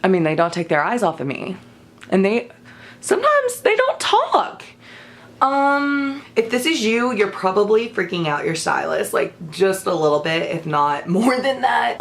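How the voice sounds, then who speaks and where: A young woman, a hair stylist, giving blunt and sassy salon advice in an instructional vlog. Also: mid-range voice.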